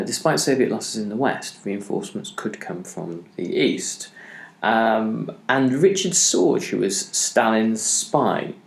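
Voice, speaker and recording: Halting lower-voiced man lecturing history. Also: vocal fry, a little mellow. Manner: halting, many ums and uhs. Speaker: history podcast host. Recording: roomy echo.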